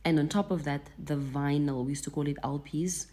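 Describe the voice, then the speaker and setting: A woman from Africa co-hosting a reaction video, talking earnestly with emphasis and dropping into soft asides. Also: sits low, steady tone, brisk. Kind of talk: casual chat.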